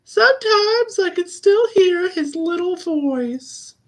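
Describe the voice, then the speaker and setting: Frail old widow, way up high and shaky, draws it out slow. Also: male voice, lively intonation, exaggerated voice. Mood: mournful.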